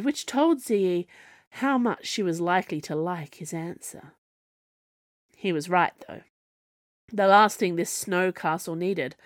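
In scripted narration of her own serialised fiction, a woman author tells the story at a measured pace with a slightly low voice. The audio is close and dry, and no room sound is present.

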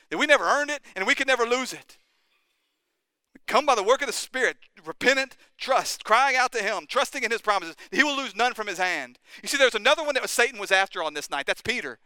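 A man's voice: extremely high pitch, bright, forceful tone, smooth, no room sound. A man preaching a sermon as pastor, impassioned and urgent, firing rising questions at the congregation.

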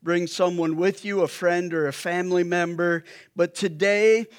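A man's voice: high-pitched, steady tone, normal speed, clear, resonant tone. A male pastor preaching a sermon in a conversational way, with joking asides to the congregation.

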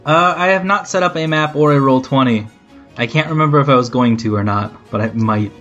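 A man in an easygoing pre-game chat, explaining plans in loose, rambling sentences. He speaks at a middling pitch over a dull, lo-fi voice call. Faint music plays behind him. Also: brisk, fairly bright tone. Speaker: game designer and game master.

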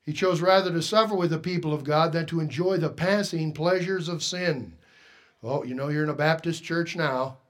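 Man, pastor, sermon in a church, higher-pitched voice, loud-to-hushed swings, asks the congregation questions. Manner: dramatic swings between loud emphasis and hushed tones.

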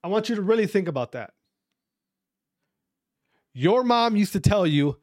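A man's voice: high voice, big pitch swings, moderate pace, long pauses, no room sound, studio quality. A man in a casual, profane ranting monologue, repeating his points emphatically and mocking others' views sarcastically. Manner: sarcastic, mimics others' voices mid-rant.

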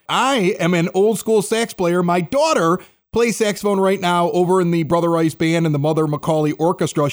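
Upbeat, chatty male radio host. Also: a little high. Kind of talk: casual interview chat.

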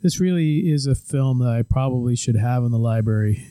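A man co-hosting a podcast, chatting easily and in a relaxed way about films. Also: mid-range voice, brisk, clear, resonant tone, no echo. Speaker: podcast co-host. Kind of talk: casual chat about films.

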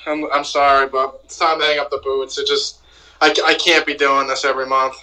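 A man's voice: mid-range voice, level tone, a little fast, bright, forceful tone, low-quality recording. A man co-hosting a casual wrestling chat, blunt and saying "like" constantly. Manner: filler-heavy, says "like" a lot, blunt. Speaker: co-host.

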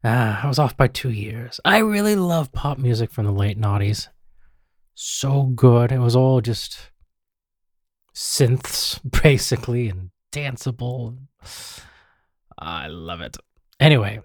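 A man with an Australian accent hosting a small radio show in a rambling, self-mocking way, often tripping over names. His voice is mid-pitched and recorded close and dry, with no room echo. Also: lively intonation, slow pace, long pauses. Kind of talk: casual radio banter.

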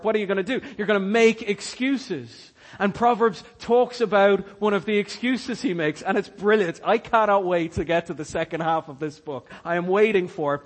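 A man preaching a sermon, emphatic and repeating his key points. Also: sits high. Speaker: pastor.

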